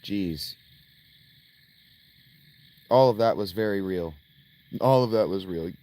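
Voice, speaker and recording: A man's voice: low voice, takes it slowly, warm tone. An American man streaming a game, rambling and joking casually with his chat. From United States. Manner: rambling, jokey, talks to chat. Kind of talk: casual gameplay commentary.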